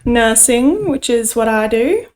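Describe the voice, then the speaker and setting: A young woman in her twenties chats on a podcast with a dry, teasing edge. Her voice sits a little higher than most women's. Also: very animated, a little slow, crowd noise. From Australia. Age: 20s. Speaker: podcast co-host, nurse. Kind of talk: casual chat.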